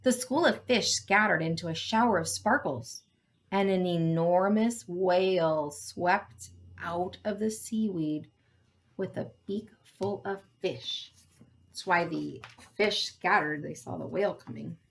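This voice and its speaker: A woman reading a picture book aloud to young listeners, expressive and adding friendly asides. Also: lowish voice, takes it slowly, gravelly. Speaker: storybook reader.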